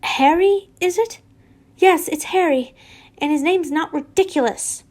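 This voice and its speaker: A woman's voice: very high voice, unhurried, a little mellow, pitched above the performer's own voice. A woman reading fan fiction aloud, voicing an earnest, lovestruck young male wizard close to her own voice.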